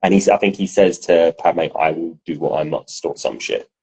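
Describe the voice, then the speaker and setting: A man co-hosting a podcast, telling stories in a casual, animated way and swearing freely. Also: deep voice, moderate pace, creaky, husky, poor audio. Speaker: podcast co-host. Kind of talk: casual chat.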